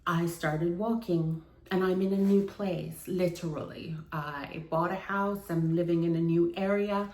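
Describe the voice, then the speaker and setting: A woman's voice: on the low side, fairly even intonation, unhurried, a little mellow, roomy sound. A woman talking earnestly and emotionally in a personal vlog, repeating phrases for emphasis. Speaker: fitness vlogger.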